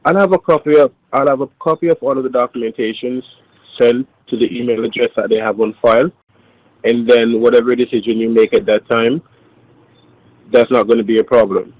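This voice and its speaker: A man calling as a phone scammer, speaking in a calm, insistent, businesslike way. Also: medium pitch, fairly quick, dry recording, dull audio. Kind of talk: phone call.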